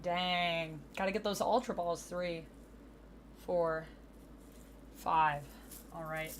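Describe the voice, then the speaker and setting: A woman's voice: fairly low pitch, fairly even intonation, takes it slowly, a little hiss or hum. A woman livestreamer in casual chat with her viewers, upbeat, thanking them and reading chat aloud into a desk streaming mic.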